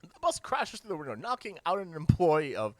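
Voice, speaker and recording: A person reading a webcomic aloud with reactions, hammy and jokey, swinging between deadpan lines and shrill outbursts. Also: brisk, no room sound. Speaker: reader of a webcomic.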